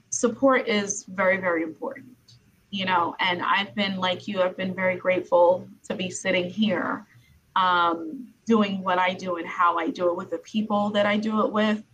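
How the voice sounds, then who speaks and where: A woman from Brooklyn interviews a guest in a loose, conversational way. She leans on "you know" and repeats her words as she goes. Her voice sits at a middle pitch over faint background ambience. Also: fairly bright tone, a little hiss or hum, low-quality recording. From Brooklyn, New York.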